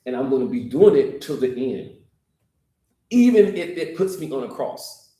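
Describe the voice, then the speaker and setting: Guy preaching to his church, talks right to the room, mid pitch, roomy echo. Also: lively intonation, moderate pace, warm tone. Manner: conversational preaching, addressing the room directly. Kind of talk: sermon. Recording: echoey room.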